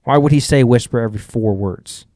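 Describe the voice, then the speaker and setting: A man's voice: mid-range voice, a little fast, dark tone, no echo, studio quality. A man co-hosting a podcast, arguing his point insistently in casual chat and restarting his sentences. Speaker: podcast co-host.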